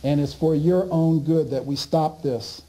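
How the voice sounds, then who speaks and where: A man's voice: on the high side, a little slow, mellow, lightly acted. A man voicing a flustered male association director who hesitates and backpedals. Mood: evasive.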